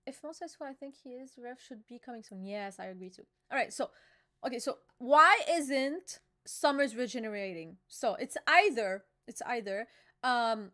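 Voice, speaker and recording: High-voiced excitable young woman chatting. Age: young adult. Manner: excitable and emotional, with gasps, fillers and slang. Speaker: channel host reacting to a manga chapter. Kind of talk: casual live reaction chat.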